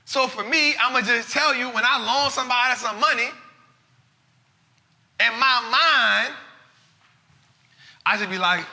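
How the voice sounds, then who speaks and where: Give me an animated man hosting a live talk show, high and bright, repeating himself in casual slang. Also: unhurried, gravelly, pauses often, long reverb tail. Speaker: host of a live finance show.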